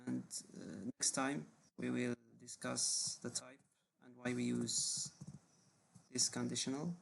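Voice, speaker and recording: A man with a very gravelly, creaky voice and a flat, even delivery. He teaches a one-on-one English grammar lesson, patiently repeating words and nodding along with short affirmations. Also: medium pitch, takes it slowly, a little hiss or hum.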